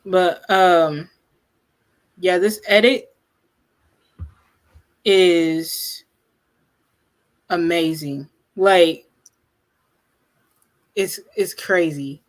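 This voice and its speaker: A woman co-hosting a live watch party, talking in an excitable casual way with lots of fillers. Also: fairly low pitch, very slow, pauses often. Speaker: livestream co-host.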